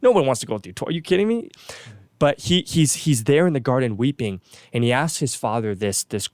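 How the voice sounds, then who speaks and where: A man's voice: mid-range voice, animated, a little fast, dry recording, clean studio sound. A man who is a pastor and co-host, talking through a Bible story in an earnest, casual sermon-like way, often restarting and repeating words. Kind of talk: casual faith talk, sermon-like retelling.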